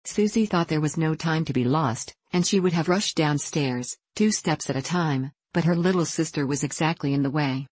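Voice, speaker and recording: Storybook narrator, woman, low-pitched, gentle and even, dry booth. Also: moderate pace, hardly any pauses, slightly rough, no room sound.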